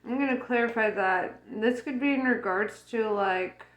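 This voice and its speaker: A woman's voice: on the high side, normal speed. A woman giving a casual tarot reading who rambles with lots of fillers and laughs often. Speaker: tarot reader. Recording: roomy echo.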